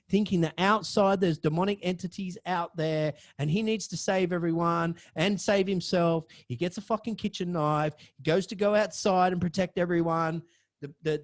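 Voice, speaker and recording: A young man, hosting a podcast and telling a story in a profane, excitable way. His voice swings from low mutters to loud outbursts. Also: moderate pace. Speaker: podcast host. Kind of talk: storytelling monologue.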